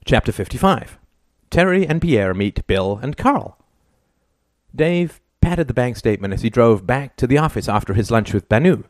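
A man reading an audiobook in scripted narration with an even, plain delivery. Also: mid-range voice, moderate pace, dry recording, clean studio sound.

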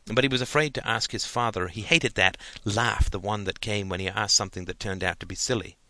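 A male narrator reading a novel in a measured, unhurried way, his low voice carrying a sharp, bright edge. The sound is close and dry, with no room around it. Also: no room sound. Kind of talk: audiobook narration.

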